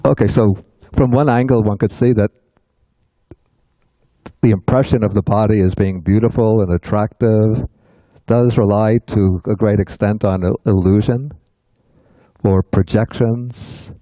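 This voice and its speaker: An older man gives a relaxed teaching talk, telling stories and laughing often. His voice sits low and sounds very mellow and warm. The recording is close and dry. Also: a little slow, no room sound, low-quality recording. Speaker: teacher leading a sutta study class.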